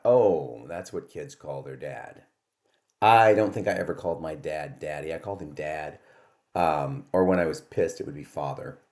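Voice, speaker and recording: Low-voiced wry older man vlogging. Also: a little mellow. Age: 60s. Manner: chatty, wry, self-deprecating storyteller. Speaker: vlog host. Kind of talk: casual monologue to camera.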